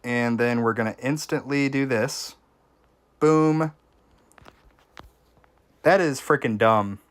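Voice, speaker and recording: Man, game streamer, mid-pitched, relaxed commentary with excited bursts. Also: takes it slowly. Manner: casual, reacts excitedly to the game, chats with viewers. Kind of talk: live gameplay commentary.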